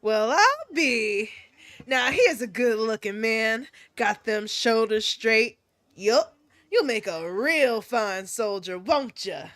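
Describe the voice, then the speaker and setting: A woman voicing a teasing, folksy older woman who works on a military base, speaking in a slow homey drawl. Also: fairly high pitch, lively intonation, a bit bright, voice pushed down.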